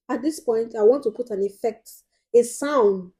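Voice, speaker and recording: A woman's voice: a little high, moderate pace, warm tone. Emphatic Nigerian woman vlogger. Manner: direct, emphatic, with frequent ums. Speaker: host. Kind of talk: casual advice vlog.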